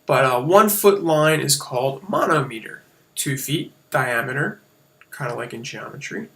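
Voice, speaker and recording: Bright-voiced man teaching a casual lesson. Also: medium pitch, lively intonation, moderate pace. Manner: casual, explanatory, with fillers and self-corrections. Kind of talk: screen-share lesson on poetic meter.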